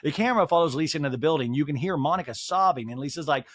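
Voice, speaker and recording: A man hosting a podcast who recaps a reality show in a joking, animated way and acts out the quotes. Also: on the high side, racing, few pauses, dry recording, studio quality. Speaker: podcast host. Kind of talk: comedic TV recap.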